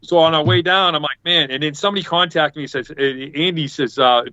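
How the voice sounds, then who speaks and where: A man's voice: on the high side, brisk, pushed and bright, no echo. A man telling a rambling story in a casual chat over a video call, acting out what other people said. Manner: rambling, acts out quoted people. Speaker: podcast panelist. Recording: dull lo-fi video call audio.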